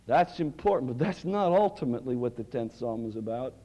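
A male pastor preaching a sermon in a church, swinging from loud, rising cries to hushed, quiet lines. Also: medium pitch, lively intonation, a little fast, hardly any pauses, low-quality recording.

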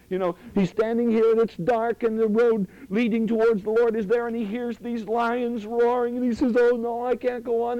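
A man preaching a sermon as pastor, impassioned, swinging from loud exhortation to hushed, low tones. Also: muffled recording.

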